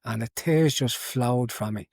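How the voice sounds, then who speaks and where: A man's voice: medium pitch, measured pace, gravelly, dry recording, clean studio sound. A man sharing his conversion story in an interview, earnest and repetitive, in a casual telling way. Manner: earnest storytelling with many repeats. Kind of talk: casual testimony.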